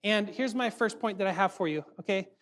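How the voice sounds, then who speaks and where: A man's voice: high-pitched, a little fast. Chatty man giving a youth sermon. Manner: animated, chatty, constant fillers and check-ins. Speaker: youth ministry speaker.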